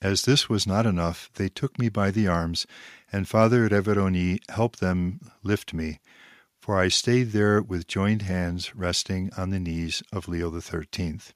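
Deep-voiced guy reading a spiritual book out loud and explaining as he goes, slow and thoughtful, dry close sound. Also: steady tone, no room sound. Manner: measured, reflective, stresses key phrases. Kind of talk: reading a text aloud with commentary.

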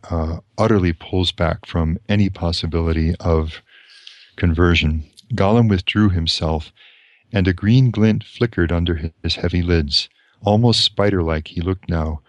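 A male lecturer reads passages from a novel aloud and comments on them reflectively. His voice is very low. The sound is close and dry. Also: no room sound. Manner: deliberate and reflective, pausing to explain.

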